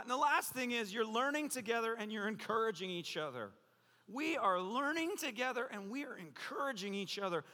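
A man's voice: high-pitched, pushed and bright, big-room sound. A man preaching a sermon as a pastor, playful and jokey with the congregation.

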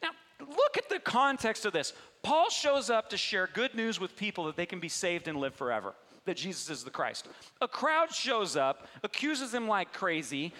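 A man's voice: sits high, big pitch swings, normal speed, pushed and bright. A male pastor preaching a sermon in a church, talking conversationally and asking the congregation questions. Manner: conversational, asks the audience questions. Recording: long reverb of a large hall.

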